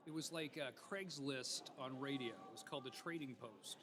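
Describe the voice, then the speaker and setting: A man who grew up in Alabama, now a TV morning news personality, telling stories as a guest in a casual interview in a lively, animated way. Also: mid-range voice, normal speed, crowd noise. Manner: lively, animated storyteller who acts out callers. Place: expo event.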